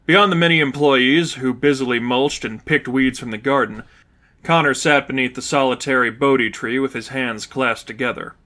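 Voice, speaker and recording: A man reading fan fiction aloud in a steady, even storybook narration. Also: mid-range voice, normal speed. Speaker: fanfiction reader.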